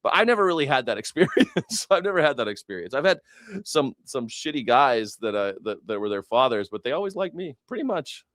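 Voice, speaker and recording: A man's voice: mid-range voice, very animated, brisk, fairly bright tone, no echo, studio quality. Sarcastic, profane American man. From United States. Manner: sarcastic, mocking, swears freely. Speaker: news reaction show host. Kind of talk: profane livestream commentary.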